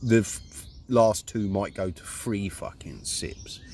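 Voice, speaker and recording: A man's voice: on the low side, expressive, a little slow, darkish tone, slight background noise. A man with a Luton accent delivering a rambling, indignant monologue, swearing constantly. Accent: English, Luton. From Luton, England. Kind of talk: profane ranting monologue.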